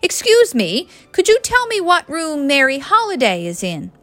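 A woman voicing a smug, charming young British man with a smooth, taunting manner. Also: high voice, wildly swooping pitch, normal speed, pushed and bright, no room sound, voice pushed up, exaggerated voice.

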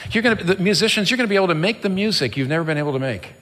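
A man's voice: high-pitched, expressive, very fast, fairly bright tone, big-room sound. A man preaching a sermon as a pastor, impassioned and rising to fervent emphasis.

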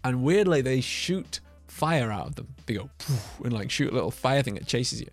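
A man talks in a relaxed, playful way, tossing out jokes and coined words as he chats about games. His voice sits at an ordinary middle pitch, with faint music playing behind him. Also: a little fast. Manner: jokey, playful, riffs on words. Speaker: podcast co-host. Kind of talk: casual gaming chat.

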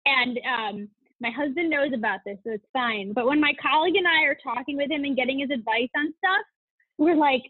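A woman's voice: high voice, brisk, dry recording. A woman guest on a podcast, chatting casually and enthusiastically, gushing and laughing often. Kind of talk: casual interview chat. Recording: tinny phone-like line.

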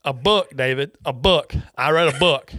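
A man telling a folksy, animated story in casual chat on a radio show. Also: on the high side, moderate pace, slight background noise.

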